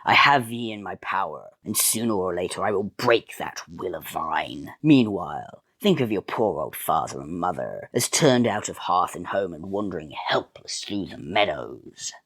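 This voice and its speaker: A man's voice: sits low, very animated, normal speed, few pauses, fairly bright tone, no echo, full character voice. A man voicing a dastardly male villain squire who sneers, hisses in whispers and blusters, in a melodramatic reading. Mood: sneering.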